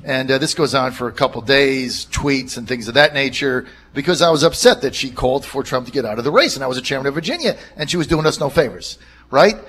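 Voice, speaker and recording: Blunt talk radio host. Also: male voice, medium pitch, fast talker, a bit bright, slight background noise. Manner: blunt, storytelling. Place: radio studio.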